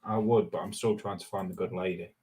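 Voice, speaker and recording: A man's voice: deep voice, steady tone, brisk, warm tone, breathy edge. A man co-hosting a casual livestream, teasing and jokey, often dropping into whispered asides. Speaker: co-host. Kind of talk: casual live-stream banter.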